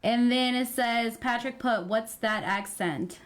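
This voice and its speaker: A woman hosting a relaxed chat show, upbeat and joking as she moves through viewer comments. Her voice sits a little high. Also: measured pace. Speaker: host. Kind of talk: casual chat.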